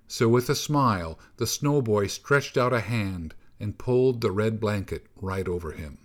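A man reading a folk tale aloud in a measured storybook narration. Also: fairly low pitch. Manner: slow, measured, hushed at times.

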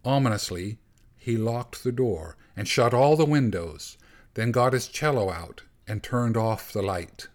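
A man reading a storybook aloud as narrator, in a calm, measured way. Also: medium pitch.

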